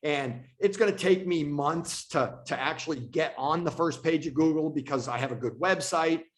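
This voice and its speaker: A man's voice: fairly high pitch, normal speed. A man who leads a real estate team, teaching agents on a video call in a casual way and repeating himself for emphasis. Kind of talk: online training presentation.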